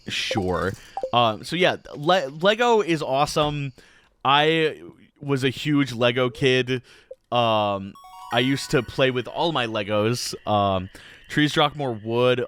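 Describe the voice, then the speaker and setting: Slow-talking young man rambling over a game. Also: medium pitch, a bit bright, a little hiss or hum. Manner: rambling, filler-heavy, jokey slang. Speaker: gaming channel host. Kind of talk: casual let's play commentary.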